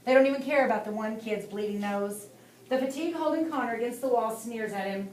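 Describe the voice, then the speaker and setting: A woman reading an audiobook as narrator, in a steady, lightly dramatic way. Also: on the high side, fairly quick. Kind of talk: scripted narration. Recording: echoey room, distant mic, faint hiss.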